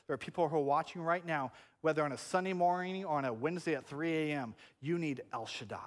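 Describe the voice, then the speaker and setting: A man in his thirties preaching a sermon in a church, animated and shifting between hushed and loud delivery. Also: on the high side, big-room sound. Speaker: pastor. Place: church sanctuary.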